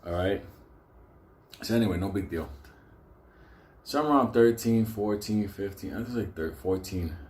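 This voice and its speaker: A man's voice: fairly low pitch, normal speed, long pauses, a little mellow. A man telling a story casually, rambling, laughing and swearing a lot. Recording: roomy echo.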